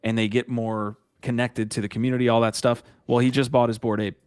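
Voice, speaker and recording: A man's voice: medium pitch, level tone, brisk, darkish tone, clean tone, dry recording. A man hosting a casual podcast who rambles, restarts his sentences and laughs as he talks. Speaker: podcast host. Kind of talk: casual chat.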